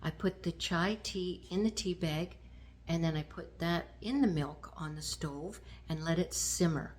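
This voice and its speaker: Canadian lady in her 60s, chatting slow and gentle to camera, lowish voice. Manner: gentle, unhurried, with fillers. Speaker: vlog host. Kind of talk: casual talk to camera.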